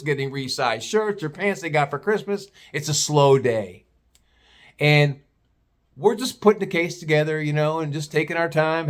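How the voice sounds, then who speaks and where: An older man, a retired butcher, telling a story bluntly with plenty of swearing in a casual vlog. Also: a little high. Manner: blunt, profane, animated storytelling.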